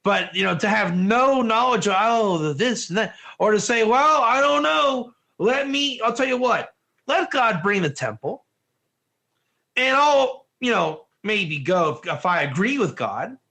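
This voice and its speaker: An emphatic man leads an online Torah class with a high, bright voice, pressing his listeners with question after question. He talks like a teacher driving his point home to a live audience. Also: big pitch swings, measured pace, gravelly.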